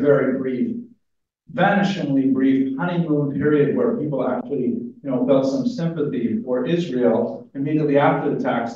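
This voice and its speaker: A man gives a conference talk in a relaxed, chatty way, stopping and restarting his sentences. His voice is mellow and dark. He sounds far from the mic, in a big echoing hall, with a dull sound. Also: medium pitch. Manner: casual, self-interrupting, with fillers. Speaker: conference speaker. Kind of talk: academic lecture with humor.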